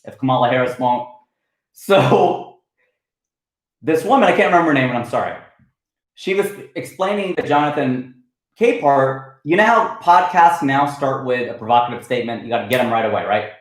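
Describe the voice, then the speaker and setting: On his weekly livestream, a comedian riffs loosely and reads out viewer comments with lively animation. He speaks at a moderate pace in a mid-range voice, and the low-quality audio has a roomy sound.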